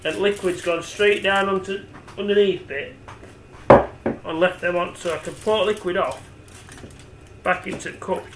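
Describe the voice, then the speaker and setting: A man's voice: high voice, steady tone, a little slow, pauses often, reverberant, very noisy. A man, rambling chattily as he demonstrates cooking at home and talks to the camera. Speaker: home cook. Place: home kitchen.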